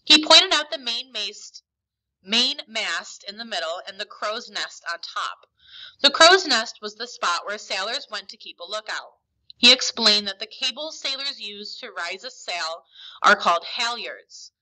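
A woman teacher reading a novel aloud to a class in an expressive, emphatic storytelling manner. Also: mid-range voice, measured pace, rough recording.

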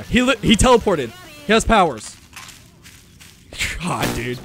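Over music, a young man streams a horror game and talks to his chat in let's-play style, yelping in panic and laughing often. He has a high, very animated voice and speaks at a measured pace.

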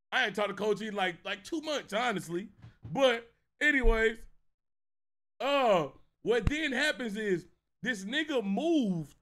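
A man with a high, animated voice streams himself reacting to clips in casual chat. His delivery swings between low mutters and loud bursts of laughter.

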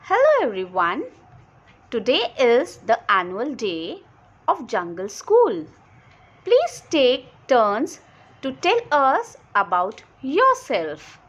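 A woman reading the lines of a kindly female owl schoolteacher from a storybook, slowly and clearly. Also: fairly high pitch, huge pitch swings, lo-fi sound, full character voice. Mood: welcoming.

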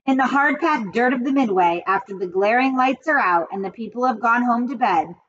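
A woman's voice: fairly high pitch, animated, a little fast, a bit bright, muffled recording, a little hiss or hum. A woman voicing a wise old sheep. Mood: relishing. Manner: relishing, listing with gusto.

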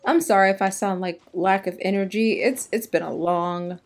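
A tired woman with a hoarse voice, chatting casually and exclaiming to herself as she plays a video game. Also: medium pitch, fairly even intonation, moderate pace. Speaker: gaming YouTuber. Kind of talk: casual gameplay commentary.

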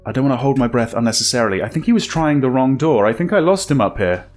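In a horror game let's play, a man with a mid-range, slightly mellow voice talks fast and animatedly to himself over the game music. He keeps getting startled and letting out nervous laughs, jumpy the whole way through.

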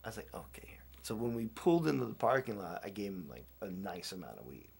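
A man spins a casual, rambling yarn, stumbling through restarts and acting out what people said. His voice is gravelly and a little husky. His pitch swings widely as he talks. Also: quick pace. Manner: rambling and animated, with many restarts and quoted voices. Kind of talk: casual storytelling.

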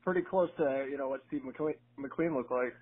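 A man's voice: mid-range voice, moderate pace, slightly rough. A male podcast host asking questions in a casual interview, answering in short, agreeable remarks. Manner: brief, agreeable responses and questions. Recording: tinny phone-like audio.

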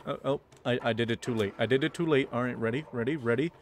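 A man's voice: medium pitch, fast talker, a little hiss or hum. A man giving playful, slangy commentary while playing a video game, with game music behind. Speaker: gameplay commentator. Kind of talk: casual gameplay commentary.

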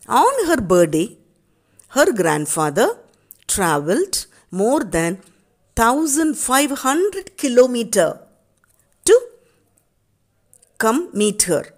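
A woman teacher with an Indian English accent reading a prose lesson aloud in short, clearly phrased chunks. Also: a little high, very animated, takes it slowly, long pauses.

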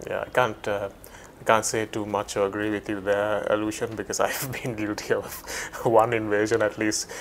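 A man's voice: fairly low pitch, level tone, normal speed, few pauses, slight background noise. A man interviewing an older guest in a casual, friendly way, with short prompting questions and brief affirmations.

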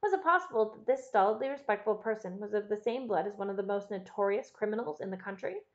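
A woman narrating a classic novel as an audiobook, in a measured, expressive storytelling manner. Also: medium pitch, dull audio.

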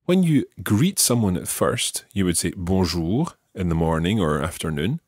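A language teacher on a podcast walks beginners patiently through each phrase step by step, modelling its pronunciation. His low, a little mellow voice is very animated at normal speed. The audio is studio quality with no room sound.

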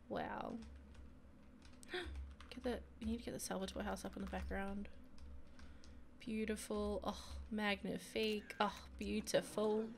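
A young woman who makes gaming videos chats and giggles her way through a life-sim game in casual commentary. Her mid-range voice is gravelly, with a little hiss or hum in the audio.

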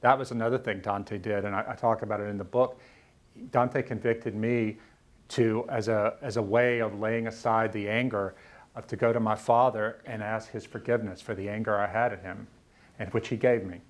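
With a lowish voice and steady tone, a man from Louisiana lectures as an author in a university lecture room, telling a personal story. Earnest and halting, he repeats words whenever he's moved.

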